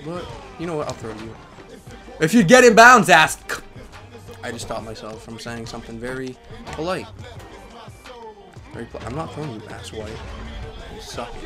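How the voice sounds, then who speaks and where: Young male let's-player, plain mid voice, erratic: quiet asides, sudden loud rants, music bed behind. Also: medium pitch, lively intonation, normal speed, pauses often. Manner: swings from mumbling to yelling at the game. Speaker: gaming commentator. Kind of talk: let's play commentary. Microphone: headset or desk microphone.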